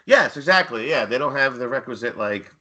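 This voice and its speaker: A man's voice: medium pitch, lively intonation, a little fast, pushed and bright, highs cut off. A man co-hosting a casual sports chat, rambling and joking with lots of fillers. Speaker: co-host.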